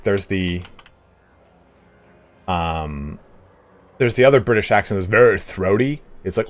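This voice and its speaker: A male game streamer with a fairly low voice. He tells loose, rambling stories with a lively rise and fall in pitch. He swears freely and drops into mock voices along the way. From United States. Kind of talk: casual rambling storytelling.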